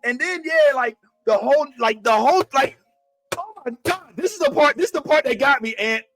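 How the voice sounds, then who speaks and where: A man co-hosting a live chat, animated, rambling with restarts and acting out quotes. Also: very high voice, fairly quick, faint music behind. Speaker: podcast co-host.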